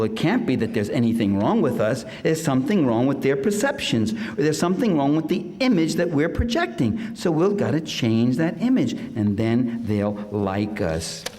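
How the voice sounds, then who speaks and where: Older man, public lecture, sardonic and mocking, mid-pitched voice, long hall reverb. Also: a little mellow.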